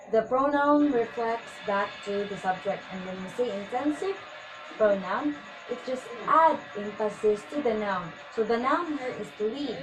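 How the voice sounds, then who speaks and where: A woman's voice: on the high side, rough recording. A woman teacher giving a grammar lesson to her class, patiently repeating her points and often addressing the class. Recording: music playing under the voice.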